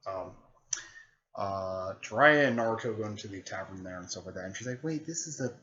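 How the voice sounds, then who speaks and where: A man giving a casual, rambling recap full of filler words, often clearing his throat. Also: low voice, a little fast, pushed and bright. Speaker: host recapping a fan series. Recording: dull lo-fi recording.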